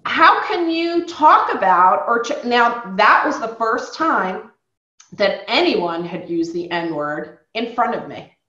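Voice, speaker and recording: Animated high-voiced woman podcast host. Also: slow, roomy sound, dull audio. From New York. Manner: animated storytelling, acting out quoted people. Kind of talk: casual conversation.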